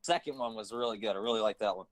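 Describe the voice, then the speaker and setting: A man's voice: fairly low pitch, very fast, dry recording, low-quality recording. Hesitant man directing over a dry phone. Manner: hesitant, rambling with many fillers. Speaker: writer and director. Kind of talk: casual directing chat.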